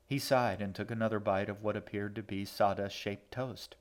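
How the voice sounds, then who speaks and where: A man narrating a story in a brisk, even audiobook reading. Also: lowish voice.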